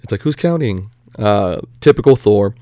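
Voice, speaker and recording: A man giving casual, rambling commentary on superhero movies, excitable and full of asides and fillers. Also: lowish voice, moderate pace, no room sound, clean studio sound.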